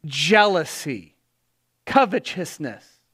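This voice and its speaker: Male pastor, high and bright tone, lively preaching. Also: slow, breathy edge. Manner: animated, acts out quoted voices. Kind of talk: sermon.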